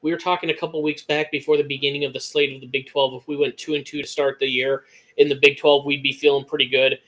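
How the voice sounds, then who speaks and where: A young man with an American Midwest accent co-hosting a casual sports podcast, talking excitedly and rambling with lots of restarts. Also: mid-range voice, fast talker. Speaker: podcast co-host.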